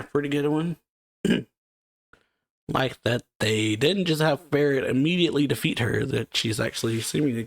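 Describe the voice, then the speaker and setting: A laid-back man reacting to a comic, with loose, easy talk full of fillers and frequent laughs. His voice sits at a mid pitch and sounds close and dry. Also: no room sound. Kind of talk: casual reading and reaction.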